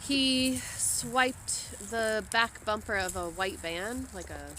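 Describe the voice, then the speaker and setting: Out in the garden, a diamond painting vlogger and host chats easygoingly with her husband, sharing her own stories with dry asides. She speaks slowly in a mid-range voice that sounds pushed and bright. There's slight background noise and faint outdoor ambience.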